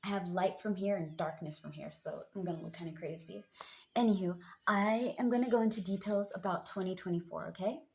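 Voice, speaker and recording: A young woman reading tarot cards in a casual chat, hyping up her viewers with pet names, her voice a bit deep from just waking up. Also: brisk, vocal fry, slight background noise. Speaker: tarot card reader.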